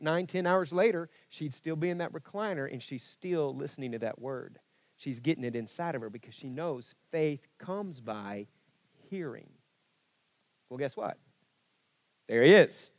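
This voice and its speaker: A man preaching a church sermon, rising to loud calls and dropping to hushed asides. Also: on the high side, normal speed, no echo. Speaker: pastor. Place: church service.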